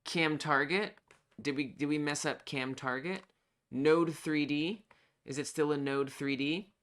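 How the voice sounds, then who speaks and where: A game developer on a live coding stream, thinking aloud while debugging, excitable and self-talking. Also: medium pitch, unhurried.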